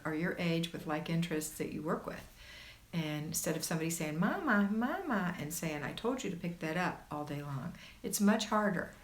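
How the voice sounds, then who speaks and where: A woman hosting a casual livestream, reading viewer comments aloud and reassuring her viewers in a chatty way. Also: deep voice. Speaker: homemaking livestream host.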